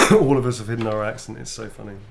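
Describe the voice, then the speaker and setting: A man's voice: fairly low pitch, expressive, fairly quick, creaky, a bit bright. A tired British man from Birmingham chatting casually on a livestream while signing autographs, laughing often and calling people "darling" and "mate". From Birmingham, England.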